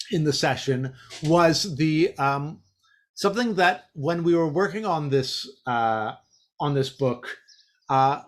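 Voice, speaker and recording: A man giving a casual teacher-training talk, rambling with lots of fillers and restarts. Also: a little high. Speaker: teacher trainer presenting a session.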